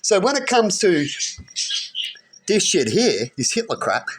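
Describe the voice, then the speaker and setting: A man's voice: high voice, sing-song, measured pace, noisy background. A man ranting heatedly to camera, rambling and often asking "right?". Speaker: vlogger. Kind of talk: agitated personal rant.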